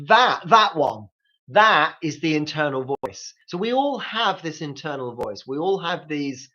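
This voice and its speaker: A man's voice: a little high, big pitch swings, a little slow, bright, forceful tone, muffled recording. A man hosting a live grief support talk, coaching listeners directly with practical tips. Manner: coaching, speaks straight to listeners.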